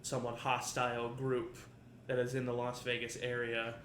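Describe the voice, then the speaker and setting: A man's voice: mid-range voice, completely flat delivery, moderate pace, a bit bright, a little hiss or hum. A man narrating a tabletop game as game master, rambling with many fillers. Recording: roomy echo, faint ambience.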